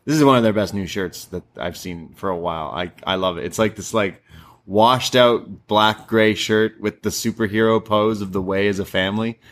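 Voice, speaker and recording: A young man co-hosting a casual podcast, recapping a show and putting on squeaky voices when he quotes people. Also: normal speed. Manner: animated, puts on squeaky voices when quoting wrestlers. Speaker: podcast co-host.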